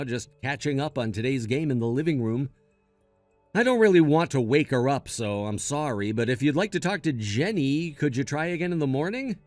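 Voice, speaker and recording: A man's voice: mid-range voice, darkish tone, dry recording, lightly acted. A man playing a lying, evasive husband with a glib manner. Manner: glib, then pleading.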